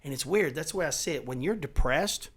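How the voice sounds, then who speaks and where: A middle-aged man in casual podcast chat, talking emphatically with lots of swearing and animated storytelling. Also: on the high side, fast talker, husky.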